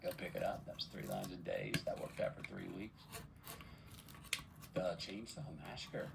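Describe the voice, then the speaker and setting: A man's voice: sits low, normal speed, creaky, distant mic, very noisy. A man, a podcast guest, telling long rambling stories in casual chat with lots of restarts. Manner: rambling, animated storyteller with many restarts.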